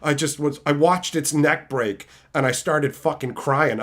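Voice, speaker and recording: A man streaming, answering his chat and telling stories in a loud, profane, laugh-filled way. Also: a little high, a little slow, few pauses. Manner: animated, profane storytelling with frequent laughter. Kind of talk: casual livestream chat.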